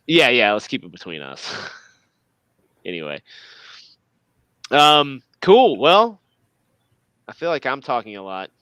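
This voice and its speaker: A man co-hosting a live podcast, chatting in a rambling, animated way. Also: mid-range voice, takes it slowly, long pauses, clear, resonant tone, no echo. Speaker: podcast co-host. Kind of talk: casual chat.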